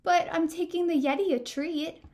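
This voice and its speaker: A woman voicing an eager young boy explorer who shouts with glee in a storybook read-aloud. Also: very high-pitched, fairly even intonation, normal speed, voice pushed up.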